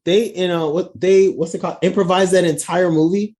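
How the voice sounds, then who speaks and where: A man in his thirties co-hosting a casual podcast chat, relaxed and laughing often between remarks. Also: high-pitched, brisk. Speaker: podcast co-host.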